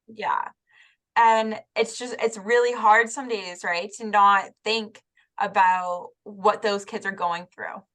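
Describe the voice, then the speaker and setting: A woman co-hosting a podcast and working with youth, talking quickly and from the heart with lots of "like" and "right". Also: mid-range voice, fairly even intonation, fairly bright tone. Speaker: podcast co-host, youth worker. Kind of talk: casual conversation.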